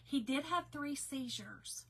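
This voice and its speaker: A woman's voice: high voice, animated, takes it slowly, fairly bright tone, poor audio. A woman chatting casually to her viewers, emotional and talkative as she tells a personal story. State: tearful at times. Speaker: craft seller and storyteller.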